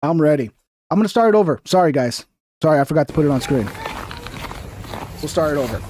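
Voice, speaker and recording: A man giving heated, profane livestream commentary over video clips, mocking opposing views in a high voice. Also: lively intonation, fast, noisy background. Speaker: political commentary streamer.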